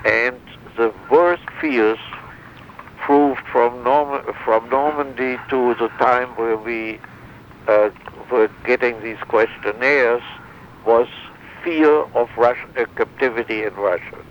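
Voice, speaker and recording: An older man speaks slowly and haltingly, trailing off into fillers and restarting his sentences as he recounts his memories. His voice sits in a middle pitch. The recording is dull and lo-fi, with a faint noise underneath. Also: fairly even intonation. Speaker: interviewee, former wartime interrogator.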